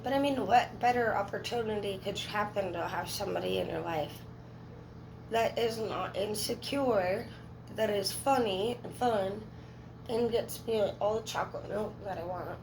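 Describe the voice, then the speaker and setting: A woman's voice: mid-range voice, moderate pace, creaky, noisy background. A woman in her thirties speaking candidly and emotionally to her viewers as a tarot reader, swearing freely. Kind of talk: casual monologue to viewers.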